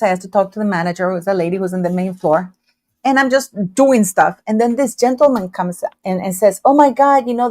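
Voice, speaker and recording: A woman hosting a livestream, chatting casually and emphatically, speaking loudly on purpose. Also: medium pitch, dry recording. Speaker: livestream host. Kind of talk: casual live chat commentary.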